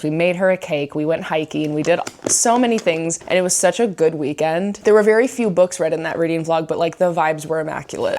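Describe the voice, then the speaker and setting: A woman's voice: lowish voice, slight background noise. A young woman from the United States chatting casually at home in a book vlog, bubbly and gushing, laughing often. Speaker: book vlogger. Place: at home indoors.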